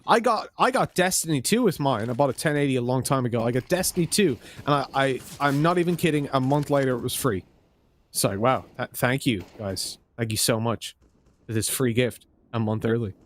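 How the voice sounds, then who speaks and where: A man's voice: medium pitch, a little fast. A man casting an esports match, rambling into joking asides between plays. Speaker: esports caster. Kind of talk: casual game commentary banter.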